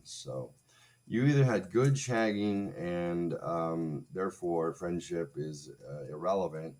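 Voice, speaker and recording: A man's voice: a bass voice, a little mellow. A man in his forties, hosting a livestream, telling a crude comic story in a sarcastic, rambling way with self-mocking asides. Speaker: streamer host.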